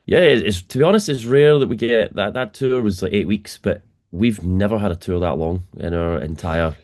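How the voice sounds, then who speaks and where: A man's voice: fairly low pitch, moderate pace, darkish tone. A man with a Scottish accent chatting as an interview guest, laid-back and swearing casually. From Scotland. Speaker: band drummer, guest.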